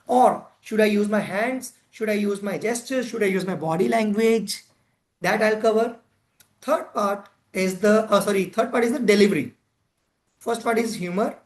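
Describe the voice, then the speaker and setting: A man leading an interactive workshop session, chatting and putting questions to his audience. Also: high-pitched. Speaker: presenter of a club education session.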